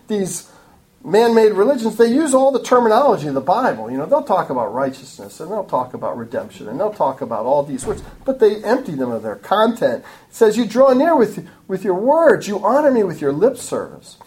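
A woman's voice: on the low side, mellow, rough recording. A woman teaching a Bible passage in an expository sermon, preaching emphatically and adding frequent asides.

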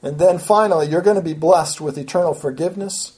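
Brisk and a little mellow, a preacher teaches through scripture verse by verse in an expository style. He's earnest, gets higher and louder to stress points, and talks in repeating, back-and-forth phrases with small restarts.

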